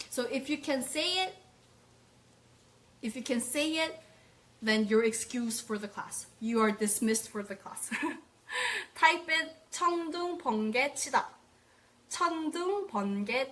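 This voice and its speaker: Young woman, high voice, upbeat online language teacher who drills words by repetition. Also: fairly bright tone. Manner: repeats words slowly for practice, cheerful praise. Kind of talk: live online language lesson.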